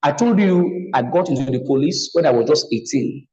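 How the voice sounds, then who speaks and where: A middle-aged Nigerian man with a fairly high voice speaks at a seminar on a video call. He tells personal stories in an earnest way and repeats phrases for emphasis. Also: animated, moderate pace, darkish tone, poor audio. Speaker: speaker on trauma healing. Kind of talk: motivational seminar talk.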